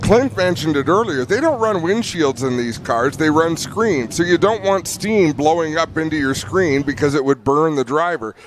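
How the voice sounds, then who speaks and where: A race commentator with a slightly high voice calls the action at an outdoor speedway. He trades easygoing jokes with his booth partner between laps, a faint hum of track noise around him. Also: lively intonation, moderate pace, hardly any pauses. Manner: joking, easygoing banter.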